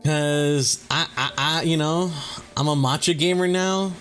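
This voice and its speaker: A man's voice: a little high, a little slow, a bit bright, faint music behind. A young man ranting casually to his viewers as a vlogger, exasperated and emphatic, swearing often and using slang.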